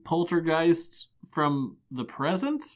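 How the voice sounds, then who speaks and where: A man's voice: on the high side, sing-song, slow pace. A man co-hosting a podcast, recapping comics in casual chat with wry, sarcastic asides. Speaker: podcast co-host.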